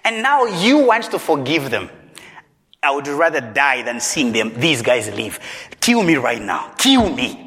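A preacher acting as Jonah, furious prophet. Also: male voice, mid-range voice, sing-song, unhurried, sharp tone, voice pushed down, exaggerated voice. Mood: bitter, pleading. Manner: pleading, exasperated, raised voice. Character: angry bitter male prophet Jonah. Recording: long reverb in a large hall.

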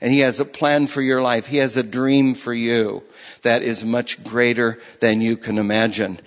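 A man's voice: medium pitch, level tone, normal speed. Man preaching in a reverberant hall. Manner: conversational, repeats and restarts phrases. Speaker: pastor. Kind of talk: sermon.

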